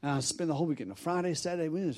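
Animated storytelling preacher man, mellow voice. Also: fairly high pitch, very fast. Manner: animated storyteller, acts out quotes, laughs often. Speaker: itinerant preacher. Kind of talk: storytelling sermon.

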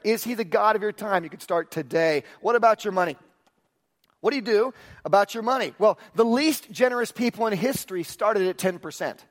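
High-voiced pastor preaching in a reverberant hall. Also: male voice. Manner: emphatic, acts out his own prayers aloud. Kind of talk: sermon. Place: large church hall.

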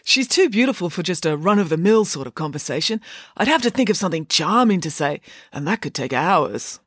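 A woman's voice: lowish voice, sing-song, brisk, breathy edge, no room sound, studio quality. A woman reading a storybook, voicing a large, earnest teenage schoolboy who is bashful and dreamy about love.

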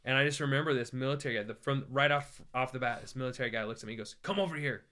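American male evangelist, guest storyteller, bright tone, animated and humorous. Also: mid-range voice, very fast, clear, resonant tone. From United States. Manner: animated, joking, acts out quoted voices. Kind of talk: conversational storytelling.

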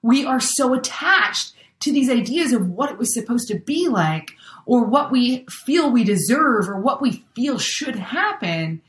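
A woman's voice: on the high side, sing-song, measured pace, echoey room. A woman giving a chatty motivational talk, acting out everyday scenarios with exclamations.

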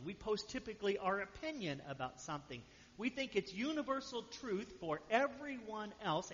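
A man with a high, slightly bright voice preaches a sermon to his church congregation, speaking conversationally and often asking "right?" He's a pastor in a church sanctuary, and the recording sounds dull with a long hall reverb.

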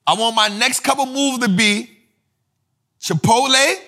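A man's voice: very high-pitched, measured pace. A man hosting an investing show, teaching finance terms in a casual, slangy way with lots of repetition. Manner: slangy, repetitive, animated explaining.

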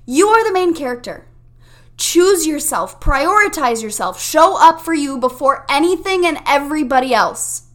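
A woman's voice: sits high, expressive, normal speed, a bit bright. A young woman hosting a self-help podcast, talking straight to her listeners in an upbeat, emphatic way. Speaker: podcast host. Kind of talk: motivational self-help monologue.

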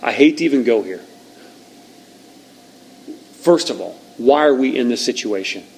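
A man preaching a sermon, reading scripture and retelling it with lively, acted-out lines. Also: medium pitch, moderate pace, a little hiss or hum, rough recording. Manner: animated storytelling, reads scripture aloud, acts out shouts. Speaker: pastor.

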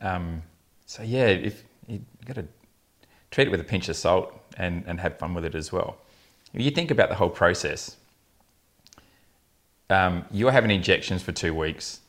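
A man's voice: low voice, lively intonation, moderate pace, pauses often, fairly bright tone. A man, a fertility specialist telling blunt, funny patient stories in a casual podcast chat. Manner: anecdotal, laughing often, blunt humour.

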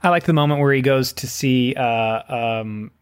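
A man's voice: mid-range voice, normal speed, clean tone. Hesitant man chatting about films. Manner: hesitant, many fillers and restarts. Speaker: podcast co-host. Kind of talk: casual film discussion.

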